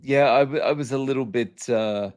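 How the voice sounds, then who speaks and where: A man's voice: mid-range voice, normal speed, clear, resonant tone. A man with an Australian accent hosting a casual live stream, greeting viewers by name and chatting. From Scotland, raised in Australia. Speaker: live show host. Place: Japan.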